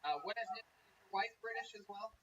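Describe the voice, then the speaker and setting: A man's voice: sits high, fast, fairly bright tone. A man hosting a show, chatting with a guest in crude, teasing banter. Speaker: show host. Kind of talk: casual joking chat with a guest. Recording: dull, distant sound with faint noise.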